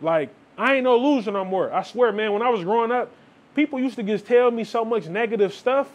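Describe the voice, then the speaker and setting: A man's voice: extremely high pitch, brisk. A young adult man, giving a casual, preachy motivational talk to viewers and often calling them "man". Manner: preachy, repeats "man" and "like", quotes people in asides. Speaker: vlogger.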